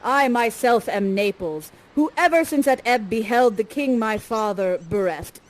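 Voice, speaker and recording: A woman voicing a young, overwhelmed prince who speaks solemn verse slowly in improvised interactive theatre. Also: fairly high pitch, animated, rough recording. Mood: earnest.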